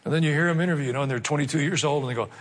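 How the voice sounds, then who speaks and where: A man preaching from the pulpit, with a voice pitched a bit high. He reads scripture and breaks into wry asides, then presses his points with dramatic emphasis. His words ring out with a long reverb, as in a large hall. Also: racing, a little hiss or hum. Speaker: pastor. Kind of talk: sermon.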